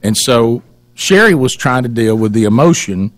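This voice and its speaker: A man spins a rambling, teasing story as a radio host, stopping and restarting his sentences as he goes. His voice is mid-pitched and sits close to a studio microphone in a dry, dead room. The delivery is loose and conversational. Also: expressive, moderate pace, dry recording. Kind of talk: casual storytelling chat.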